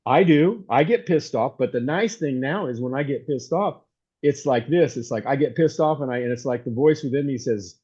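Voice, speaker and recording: A man's voice: medium pitch, moderate pace, warm tone, husky. A man giving an informal, rambling sermon as a pastor, telling stories in a conversational way. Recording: dull lo-fi recording.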